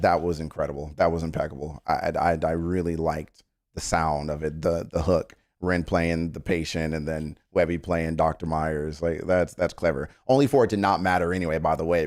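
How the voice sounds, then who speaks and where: A man's voice: low voice, no echo, clean studio sound. A man hosting a music reaction live stream, talking earnestly to his chat, rambling with stammered restarts and casual swearing.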